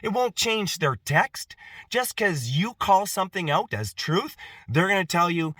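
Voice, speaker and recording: Forceful middle-aged man, lecturing. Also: high voice, sing-song, unhurried, no room sound, clean studio sound. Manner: emphatic, repetitive, rhetorical questions. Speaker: vlogger. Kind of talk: personal monologue to camera.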